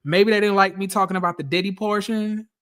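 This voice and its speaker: A man giving chatty, animated recap commentary on a reality show, talking straight to his viewers. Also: high voice, a little fast, clear, resonant tone.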